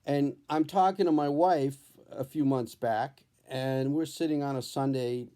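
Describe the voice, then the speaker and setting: A man who is a comedian, telling a personal story at home in a candid, profane, animated storytelling way. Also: medium pitch, unhurried, clean tone. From New Hampshire. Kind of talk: storytelling vlog. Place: his home, indoors.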